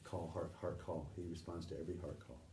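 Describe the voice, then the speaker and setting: A man's voice: deep voice, flat delivery, background noise. Man telling stories, distant and roomy. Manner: halting, restarts, acts out quoted voices, drops to near whisper. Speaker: storyteller recounting memories. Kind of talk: conversational anecdote telling. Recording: distant roomy recording with faint ambience.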